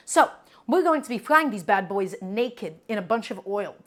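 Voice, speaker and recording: A woman's voice: mid-range voice, animated, moderate pace, a bit bright. A woman hosting a casual cooking livestream, chatty and reassuring as she works and answers chat. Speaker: cooking show host.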